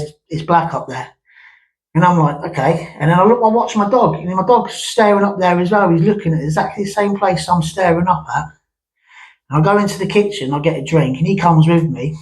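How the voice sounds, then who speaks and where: An English vlogger with a voice on the high side tells a long ghost story from his past. He rambles conversationally with plenty of restarts and asides, and the audio is poor.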